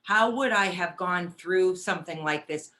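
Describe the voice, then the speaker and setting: A woman's voice: fairly low pitch, a little slow, sharp tone. A woman hosting a casual chat, reflective and empathetic with her guest. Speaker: host.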